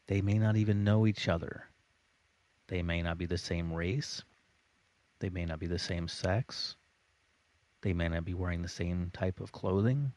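A man giving a spoken lesson, explaining in a measured way with deliberate pauses. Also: low-pitched, darkish tone, dry recording. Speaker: instructor. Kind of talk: spoken lesson on persuasion techniques.

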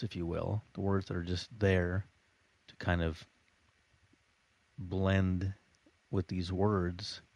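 A man giving a spoken lesson, explaining in a measured way with deliberate pauses. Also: low-pitched, a little mellow, dry recording. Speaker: instructor. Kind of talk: spoken lesson on persuasion techniques.

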